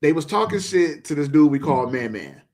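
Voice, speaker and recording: A man with a mid-pitched voice that swings up and down a lot tells a story in loose, slangy chat. His speech is casual and profane. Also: sing-song, normal speed, darkish tone. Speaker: podcast co-host.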